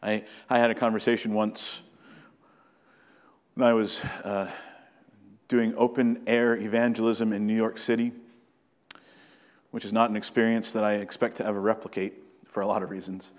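A male pastor preaching a sermon in an earnest way, slowing down and lifting his voice to stress key points. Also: lowish voice, flat delivery. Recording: long hall reverb.

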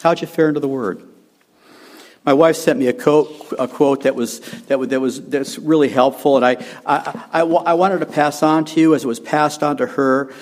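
A man's voice: fairly high pitch, fairly even intonation, moderate pace. An older man preaching a sermon, emphatic, repeating his key phrases and chuckling at his own slips.

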